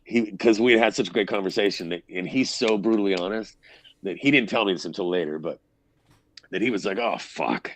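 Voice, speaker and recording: A man's voice: lowish voice, brisk, a little hiss or hum. A man, a band frontman, telling stories in a casual interview, rambling and swearing freely. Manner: rambling storyteller, swears freely, acts out quotes.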